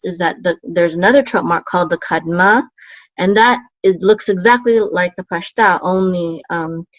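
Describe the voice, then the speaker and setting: A woman teaching a Hebrew lesson, explaining patiently with many fillers and chanting words slowly. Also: lowish voice, dry recording. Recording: dull, lo-fi sound.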